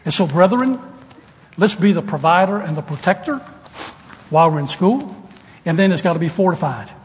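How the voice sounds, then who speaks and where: An older man preaches a sermon to students, telling homespun stories and rising to loud emphasis. His voice sits a little high, and it rings with the long reverb of a big hall under a faint hum of room noise. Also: lively intonation, moderate pace.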